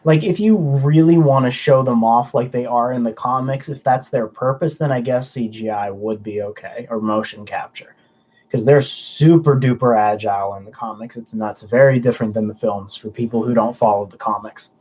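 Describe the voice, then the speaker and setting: A man's voice: mid-range voice, moderate pace, darkish tone. A young man hosting a casual livestream, chatting loosely and answering viewer comments with frequent restarts. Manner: rambling, chatty, stumbling restarts. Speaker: livestream host.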